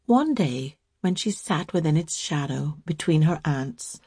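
A woman reading a story aloud as narrator, slow, calm and measured. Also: low voice, husky, no room sound, studio quality.

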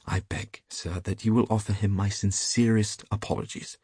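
A man voices an earnest young gentleman who flusters easily. Even his rises in distress start from a low, gravelly voice. It is a dry, close reading. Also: normal speed, dry recording.

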